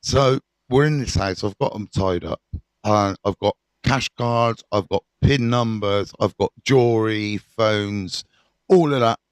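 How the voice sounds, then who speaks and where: A man's voice: fairly low pitch, no echo. A middle-aged English man, a recovery mentor, telling his story in casual, candid talk with slang and swearing.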